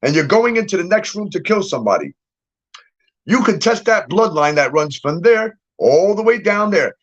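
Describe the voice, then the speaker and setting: A man's voice: sits high, fairly bright tone. A middle-aged man in a casual, profane ranting monologue, bluntly laying out his theory and keeping on asking "okay?". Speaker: true-crime commentator. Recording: dull lo-fi audio.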